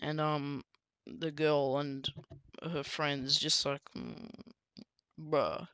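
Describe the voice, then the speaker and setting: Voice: mid-range voice, level tone, slow, fairly bright tone, clean tone, dry recording. A book reviewer casually recapping a story, rambling with many fillers and restarts.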